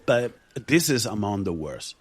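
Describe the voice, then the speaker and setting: A man hosting a podcast in casual chat, animated, laughing often and swearing freely. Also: on the low side, unhurried, husky. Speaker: podcast host.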